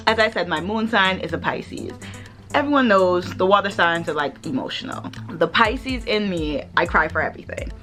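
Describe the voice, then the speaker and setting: Sassy, blunt woman vlogger with a lively voice. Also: lowish voice. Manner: blunt, sassy, swears freely. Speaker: vlogger host. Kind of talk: casual vlog chat.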